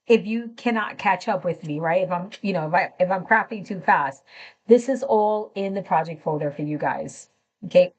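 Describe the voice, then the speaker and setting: A woman's voice: medium pitch, dull audio. A middle-aged woman hosting a live craft tutorial, chatting enthusiastically and greeting viewers by name as she works.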